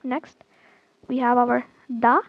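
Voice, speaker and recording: A woman teaches letters in an easygoing online lesson, her voice a little high and gravelly with fry. She takes her time and repeats each sound again and again, leaning on fillers. The recording is somewhat dull and lo-fi. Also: flat delivery, slow pace, no room sound. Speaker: language teacher.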